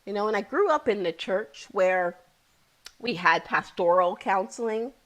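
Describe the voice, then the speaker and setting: A woman's voice: mid-range voice, a little slow, rough recording. A woman in her thirties or forties, a psychotherapist guest, telling her own story candidly and with feeling, often repeating key phrases. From Ontario, Canada.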